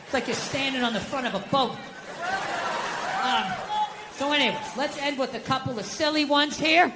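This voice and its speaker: A man doing stand-up comedy in an American accent, ranting and sarcastic, swearing a lot and swinging between muttered asides and yelling. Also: very high-pitched, moderate pace, long reverb tail, over a noisy crowd, heavy background noise.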